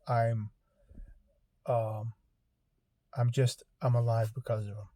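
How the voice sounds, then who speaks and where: Choked up guy around fifty, halting with lots of ums, low mellow voice, flat delivery, dry room. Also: no room sound. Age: 50s. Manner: halting, many ums and restarts. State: choked up, fighting tears. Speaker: vlogger. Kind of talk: emotional personal vlog appeal.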